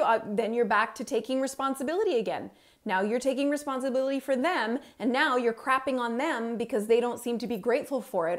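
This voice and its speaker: With a fairly high-pitched voice, a middle-aged parenting coach gives an emphatic motivational stage talk, driving home her main points to the audience through repetition.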